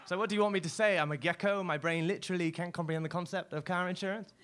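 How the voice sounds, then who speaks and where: A man's voice: high-pitched, fairly even intonation, rapid-fire, fairly bright tone. A man voicing a chatty male lizard mascot, in a rambling, self-mocking spoken word performance on a club stage. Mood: cheeky. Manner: breezy, rambling, self-mocking, full of fillers. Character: chatty male lizard mascot, showbiz-proud, secretly lonely. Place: live stage at a poetry club.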